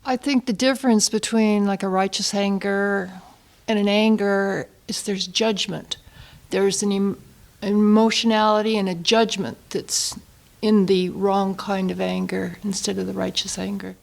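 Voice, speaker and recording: A woman in a group discussion, speaking in a thoughtful, measured way. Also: medium pitch, level tone, vocal fry. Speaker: group member.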